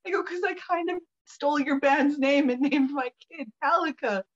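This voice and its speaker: Woman with a high voice telling a story, lots of laughing, kinda muffled audio. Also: moderate pace. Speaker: guest. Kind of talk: casual storytelling chat. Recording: dull lo-fi audio.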